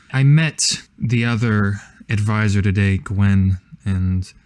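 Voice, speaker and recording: A man playing a formal, scheming schoolgirl campaign manager who speaks in a stilted, fretful way. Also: lowish voice.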